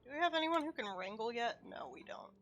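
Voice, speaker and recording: Bright-voiced woman streaming a game. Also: sits high, lively intonation, fast talker, highs cut off, slight background noise. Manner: chatty, mutters to herself, swears casually. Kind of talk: casual gameplay commentary.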